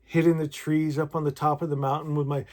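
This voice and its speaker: A man talking warmly to his viewers and reading devotional poems aloud in a gentle, emotional, effusive way. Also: on the high side, flat delivery, a little fast. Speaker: spiritual vlogger. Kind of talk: heartfelt talk and poetry reading to viewers.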